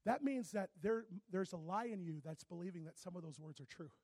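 A man's voice: high-pitched, a little fast, no echo. A man preaching a sermon as a pastor, telling stories dramatically and often turning to the audience. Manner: animated, dramatic storytelling with plenty of asides to the audience.

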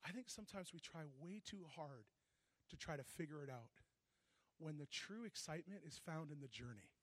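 A man preaching a sermon into a handheld mic, telling stories with animated energy and frequent laughter. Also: a little high, moderate pace, no echo. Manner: animated storytelling, bursts of laughter.

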